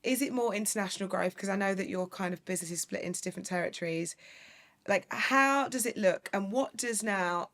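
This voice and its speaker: A woman's voice: medium pitch, a little fast, a bit bright. Brief: woman in her thirties, podcast host, encouraging, chatty. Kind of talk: casual chat.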